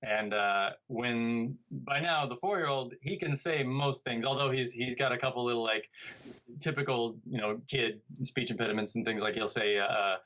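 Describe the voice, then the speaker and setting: A man's voice: medium pitch, moderate pace, sharp tone. Rambling, joking man in a casual interview. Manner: rambling, self-interrupting storytelling with playful asides. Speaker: guest comedian.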